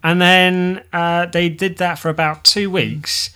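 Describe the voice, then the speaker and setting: Bright-voiced sweary man. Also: sits high, flat delivery, slow pace, clean tone. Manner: sweary, laughs easily, rambling. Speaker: podcast host and editor. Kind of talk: casual chat, storytelling.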